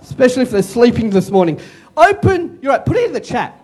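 A man preaching a sermon in an animated, conversational way, with jokey asides to the congregation. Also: very high voice, fast talker, slightly rough. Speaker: pastor. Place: church service, also streamed.

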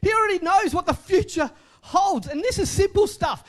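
A man's voice: very high-pitched, animated, normal speed. A man preaching a sermon in a conversational way, repeating short phrases for emphasis and asking the congregation questions. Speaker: pastor.

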